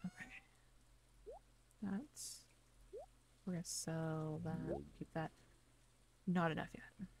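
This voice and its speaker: A woman's voice: low-pitched, wildly swooping pitch, slow, creaky, pauses often, a little mellow, slight background noise. A woman streamer chatting casually to herself as she plays a farming game, narrating each step. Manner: chatty, talks to herself while playing. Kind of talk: casual gameplay commentary. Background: game music.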